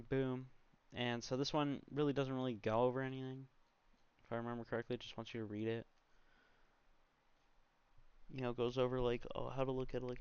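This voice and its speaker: A man in his twenties hosts a casual screen-recorded tutorial, rambling through it with plenty of fillers and side comments. His medium-pitched voice is clear and resonant, captured in a dry, slightly dull home recording.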